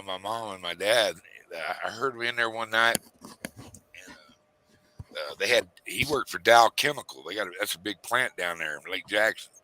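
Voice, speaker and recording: A man's voice: fairly low pitch, pushed and bright, dry recording. A middle-aged man telling a rambling story in casual chat, acting out his parents' lines in a raised voice.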